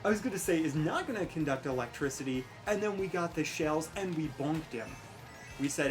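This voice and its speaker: Young woman, gaming commentator, low voice, very animated pitch, faint game music behind. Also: fairly quick. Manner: chatty, rambling, self-mocking, yelps at the game. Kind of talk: casual let's-play commentary.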